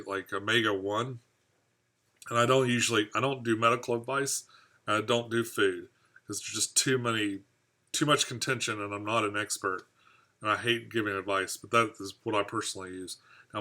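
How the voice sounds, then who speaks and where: Chatty man with a sharp, bright voice. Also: on the low side. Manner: rambling, chatty, answering viewer comments. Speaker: aquarium hobby channel host. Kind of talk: casual live stream chat.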